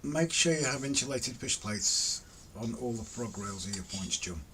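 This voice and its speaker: A man's voice: medium pitch, lively intonation, normal speed, bright, forceful tone. A middle-aged man hosting a casual live stream, reading out viewer comments in a teasing, jokey way and laughing often. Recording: distant mic with faint ambient noise.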